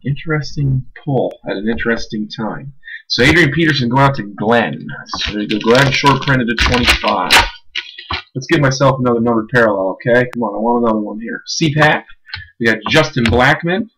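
A man hosts a live-streamed card break, talking in a relaxed, chatty way as he calls out each card. His voice sits at an ordinary middle pitch. There is faint background noise and the odd click. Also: rough recording. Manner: casual, chatty, calls out cards and names.

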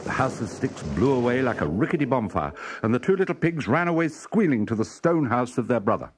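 A man narrating a children's story in an expressive, sing-song reading style. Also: medium pitch, brisk, noisy background. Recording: music playing underneath.

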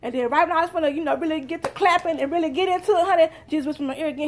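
A woman's voice: sits high, very fast. A young woman, chatting straight to her viewers in a casual haul vlog. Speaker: vlogger.

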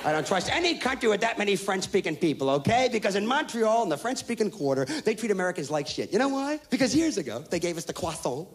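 A man's voice: high voice, sing-song, fast, few pauses, a little hiss or hum. Ranting, profane stand-up comic man. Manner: loud, profane, ranting, mocking voices. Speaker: stand-up comedian. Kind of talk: stand-up comedy rant. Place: stage before a live audience. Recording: live stage recording with audience.

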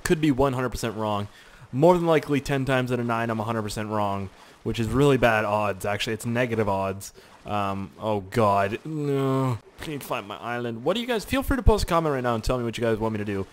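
In a mid-range voice with lively intonation and a slightly fast pace, a young gaming YouTuber casually comments on the survival game he's playing. It's let's-play commentary full of rambling, jokes and frequent swearing, with slight background noise behind him.

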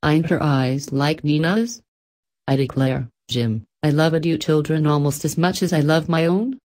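Husky, excited middle-aged farm mother, read by a woman, low and breathy. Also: measured pace. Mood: fond. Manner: excited, bustling, fond.

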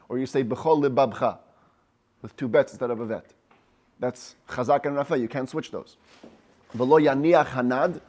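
A man, a rabbi, giving a text study class, reading Hebrew phrases slowly and explaining each one in English. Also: mid-range voice, a little mellow.

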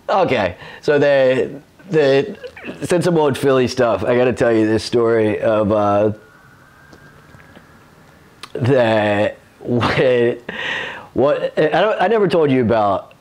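A man's voice: mid-range voice, darkish tone. A man, a comedian hosting his own show, telling rambling, profane stories in casual chat and laughing often. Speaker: comedian host.

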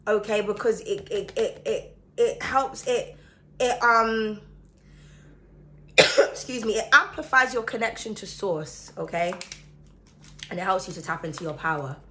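A woman's voice: mid-range voice, measured pace, long pauses, fairly bright tone, slight background noise. A woman from the Caribbean giving a chatty, emphatic tarot reading, speaking straight to the viewer. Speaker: tarot reader.

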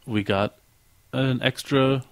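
A man's voice: mid-range voice, slow, no echo. Chatty male podcast co-host, dry close sound. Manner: animated storyteller who acts out quoted voices. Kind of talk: casual podcast chat.

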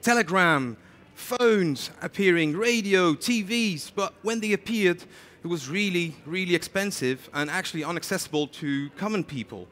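A man giving a lively conference talk, chatty and animated, often saying "you know". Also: sits high, moderate pace. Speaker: conference speaker. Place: conference stage.

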